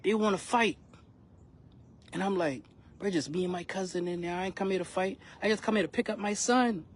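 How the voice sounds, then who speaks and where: A man's voice: high-pitched, a little fast. A young man, a rapper telling his son a frustrating personal story in a casual, emphatic vlog full of slang. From South Carolina, US.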